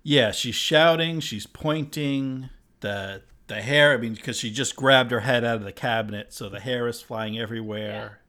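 Guy on a movie podcast, easygoing, laughs along, mid-pitch voice. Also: sharp tone. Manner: easygoing, agreeable, quick to laugh. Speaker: podcast co-host. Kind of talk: casual film discussion.

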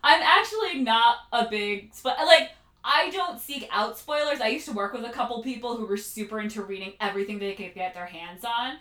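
A woman's voice: on the high side, pushed and bright, distant mic. A woman co-hosting a podcast in casual chat, talkative and laughing often. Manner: chatty, laughs often, drawn-out quips. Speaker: podcast co-host. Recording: roomy, from off the mic.

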